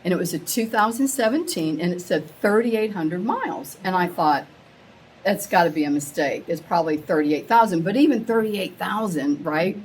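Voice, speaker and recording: A middle-aged woman telling a rambling, excitable story to a small live group, acting out the quotes with big jumps in her voice. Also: fairly low pitch, moderate pace, slight background noise, low-quality recording. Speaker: meetup attendee sharing a story. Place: women's meetup gathering, audience laughing.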